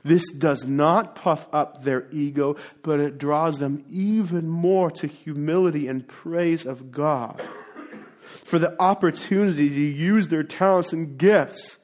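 Earnest preaching man, slightly high voice. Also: takes it slowly. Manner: earnest preaching, swings between quiet asides and emphatic rises. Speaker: pastor. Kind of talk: sermon.

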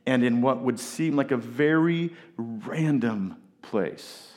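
A man preaching a sermon, retelling a scripture story in a casual, animated way with asides to his listeners. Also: mid-range voice, slow pace. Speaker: pastor.

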